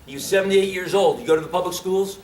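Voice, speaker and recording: A man's voice: sits high, fast talker, a crowd in the background. A man giving an informal history lecture to a live audience. He keeps quizzing listeners with questions and grows impassioned about his points.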